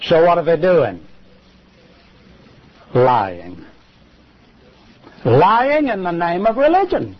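A man preaching a sermon on television, emphatic, with rhetorical questions and sudden jumps in pitch. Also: big pitch swings, slow pace, pauses often. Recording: lo-fi television broadcast.

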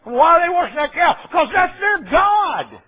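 A man's voice: very high-pitched, big pitch swings, moderate pace. A man preaching a folksy sermon, full of rambling asides and checks with his listeners. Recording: dull lo-fi recording.

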